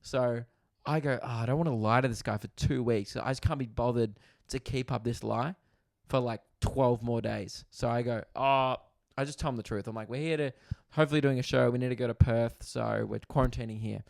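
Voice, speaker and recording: Young male comic host, gravelly voice, casual storyteller who swears a lot and acts out voices. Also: mid-range voice, brisk, no room sound, clean studio sound. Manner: animated, swears freely, acts out others' voices. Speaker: comedian podcast host.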